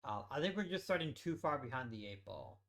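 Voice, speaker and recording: A man's voice: mid-range voice, big pitch swings, a little fast, fairly bright tone. A man hosting a let's play, giving casual gameplay commentary as he thinks aloud and swears offhandedly.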